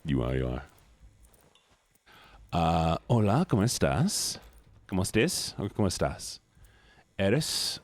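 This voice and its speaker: A male streamer giving excitable, casual commentary on a game, swearing and laughing as he goes. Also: lowish voice, slow pace, long pauses, no room sound.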